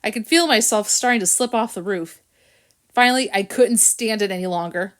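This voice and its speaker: A woman's voice: mid-range voice, normal speed. A woman reading a children's storybook aloud, narrating expressively and doing the characters' voices. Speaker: audiobook reader.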